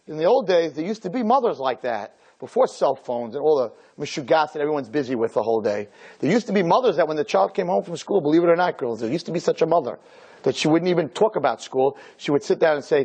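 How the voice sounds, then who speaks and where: Animated, husky-voiced middle-aged rabbi. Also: male voice, fairly high pitch, fairly quick. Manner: animated, acts out dialogues. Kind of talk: sermon to girls.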